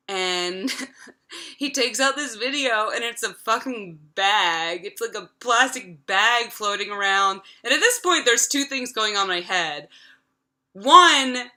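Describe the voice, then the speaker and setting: A woman's voice: mid-range voice, animated, takes it slowly, pushed and bright. A woman in her thirties casually retelling a film from memory, chatty and profane, full of filler words. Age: 30s. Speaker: vlogger.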